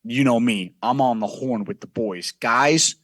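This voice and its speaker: Guy on a podcast, loud and crude storytelling, dry close sound, mid voice. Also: medium pitch, measured pace, no echo. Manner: brash, profane, animated storytelling. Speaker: podcast guest. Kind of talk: casual storytelling.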